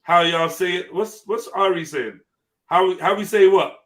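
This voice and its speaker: A man's voice: high voice, measured pace, fairly bright tone. A man hosting a live online panel, chatting casually in slang with frequent swearing and laughter over a video call. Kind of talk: casual chat.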